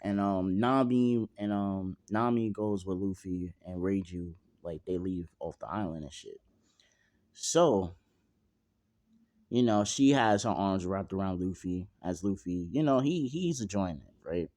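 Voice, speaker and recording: A man's voice: low voice, unhurried, darkish tone. A young man narrating a fan-made story at home in a casual, rambling way, full of fillers and slang and freely swearing.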